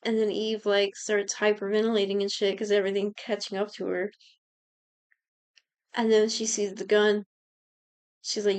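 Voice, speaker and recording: A young woman co-hosting a podcast, casually retelling a TV plot in an animated, profane way. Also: medium pitch, moderate pace, long pauses, clear, resonant tone. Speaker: podcast co-host recapping a show. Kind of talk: casual chat.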